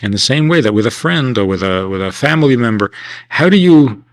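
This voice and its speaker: Rabbi giving a lively class. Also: male voice, brisk, low-quality recording. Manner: acts out questioners in sudden high voices; conversational, rhetorical questions. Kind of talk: animated classroom lecture. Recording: archival 1990s class recording.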